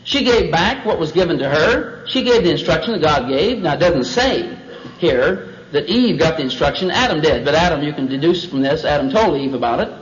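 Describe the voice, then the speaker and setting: A man preaching a sermon in a folksy, animated storytelling manner. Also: a little high, fairly quick, slight background noise. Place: large meeting hall. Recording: dull old 1970s tape recording.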